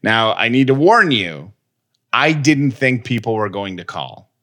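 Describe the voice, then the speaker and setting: Bright-voiced rambling male co-host. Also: medium pitch, very animated, measured pace. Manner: rambling, self-interrupting. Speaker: podcast co-host. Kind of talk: casual chat.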